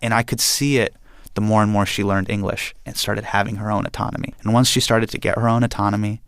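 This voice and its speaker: A man telling a personal story in an interview, animated and acting out quotes and sound effects. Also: on the low side, fast talker, smooth. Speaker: guest storyteller.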